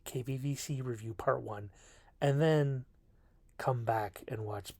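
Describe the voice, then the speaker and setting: A man's voice: mid-range voice, steady tone, takes it slowly, a little mellow, husky, no echo. Guy rambling thru a movie review in his bedroom, goofy and self-deprecating, dry close sound. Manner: rambling, self-mocking, jokey. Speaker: video reviewer. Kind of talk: casual film review monologue.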